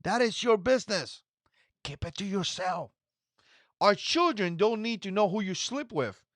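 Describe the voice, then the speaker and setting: A man in his forties hosts a reaction video with an indignant, repetitive manner. His pitch swings up and down a lot as he talks. The voice sounds dry and close, with almost no room sound. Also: expressive, a little slow, a bit bright, no room sound. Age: 40s. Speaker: commentary channel host. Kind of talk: reaction commentary.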